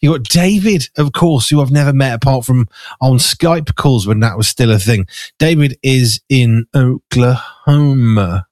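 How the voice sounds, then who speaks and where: A man hosting a relaxed radio-style chat, talking enthusiastically with frequent restarts. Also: medium pitch, measured pace, no room sound, studio quality. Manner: enthusiastic, warm about the team, with restarts. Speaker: podcast host. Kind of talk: casual chat.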